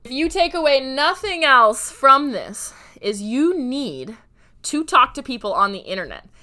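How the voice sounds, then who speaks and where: A woman hosts her own podcast, speaking in a bright, forceful voice that sits a little high. Her voice is raspy and hoarse. She talks with energy and drives each point home by repeating it. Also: measured pace. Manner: energetic, direct, repeats for emphasis. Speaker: podcast host. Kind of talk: solo podcast, upbeat motivational talk.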